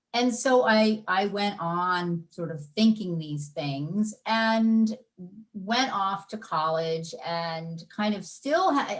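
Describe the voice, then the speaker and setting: Animated middle-aged woman telling stories. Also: mid-range voice. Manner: animated storyteller, acts out inner voices. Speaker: podcast guest, life coach. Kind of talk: conversational interview.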